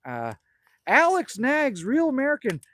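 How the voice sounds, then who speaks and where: A man's voice: very high-pitched, huge pitch swings, measured pace, fairly bright tone, slight background noise. A middle-aged man from Canada, chatting casually and rambling through viewer comments as a livestream host outdoors at a cabin. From Manitoba, Canada. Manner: chatty, rambling, jokey, calls people man and buddy. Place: outdoors at a cabin by a fire at night.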